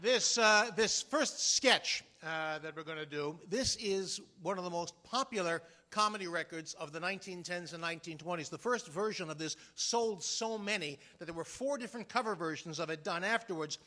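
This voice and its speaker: A man performer introduces an old comedy sketch to a live audience, speaking in a very high, bright voice. He talks informally and hesitantly, with fillers. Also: moderate pace, few pauses.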